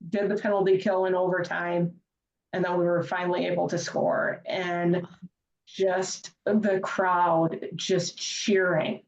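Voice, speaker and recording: A chatty woman tells stories casually as a podcast guest, her voice sitting a little low. She sounds distant from the mic, in a roomy, echoey space. The audio is somewhat dull. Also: little pitch movement, takes it slowly, a little hiss or hum. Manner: chatty, lots of filler phrases and laughs. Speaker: podcast guest, hockey fan. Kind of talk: casual storytelling.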